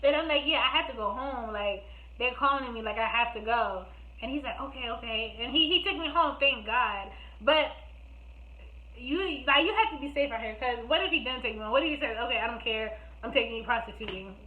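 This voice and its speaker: Animated young woman telling a story. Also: a little high, fairly quick. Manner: animated, laughing, acts out quotes. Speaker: vlogger. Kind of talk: storytime vlog. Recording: echoey room, phone-like sound.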